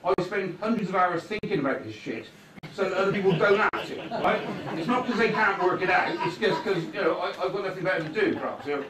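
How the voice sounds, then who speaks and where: A man's voice: sits high, animated, fast talker, far from the mic, crowd noise. Rambling man in echoey hall. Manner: conversational, keeps checking in with "right?". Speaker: guest speaker. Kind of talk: rambling public talk. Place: meeting hall before an audience. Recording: echoey hall recorded from afar.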